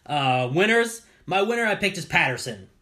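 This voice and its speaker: A man's voice: sits high, sing-song, moderate pace, pushed and bright. A man co-hosting a casual movie podcast, blunt and joking as he runs the segments. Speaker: podcast co-host. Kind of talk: casual movie-review chat.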